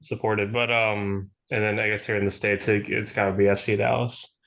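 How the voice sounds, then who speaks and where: Hesitant, low-voiced male guest. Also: flat delivery, moderate pace, vocal fry, fairly bright tone. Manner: hesitant, lots of fillers. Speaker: podcast guest. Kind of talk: casual chat.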